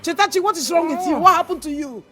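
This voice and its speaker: A woman's voice: extremely high pitch, fast talker. A woman playing a distraught Nigerian mother. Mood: anxious. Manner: wailing, pleading. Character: distraught mother of a sick son. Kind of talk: film acting. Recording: music behind.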